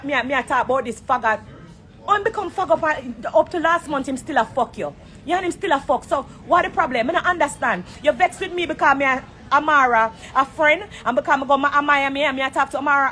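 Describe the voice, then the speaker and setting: A woman's voice: sits high, sharp tone. A Jamaican woman on a phone live stream, ranting bluntly and cursing from a corner of an airport. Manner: blunt, confrontational, swears freely. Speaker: entertainer on a social media live. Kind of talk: heated live-stream rant.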